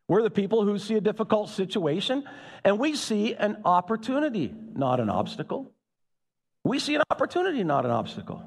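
Pastor, man, high and very animated delivery, big reverberant hall. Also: a little fast. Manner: animated, calls out to the congregation. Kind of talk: sermon. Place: church. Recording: echoey hall.

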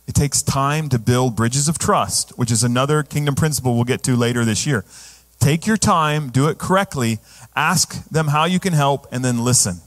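A man's voice: mid-range voice, moderate pace. A male pastor preaching a sermon in a conversational way, often asking the congregation questions.

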